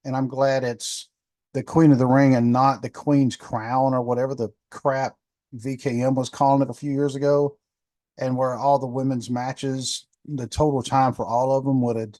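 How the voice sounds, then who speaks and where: Recorded dry, a mellow, medium-pitched man of fifty rambles through a casual solo podcast review. He keeps restarting sentences and leaning on fillers as he chats.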